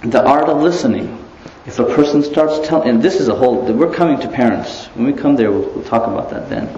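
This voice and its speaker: A man giving an Islamic lecture, animated, asking rhetorical questions and tossing in playful asides. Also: medium pitch, brisk. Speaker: preacher. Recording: echoey muffled room recording.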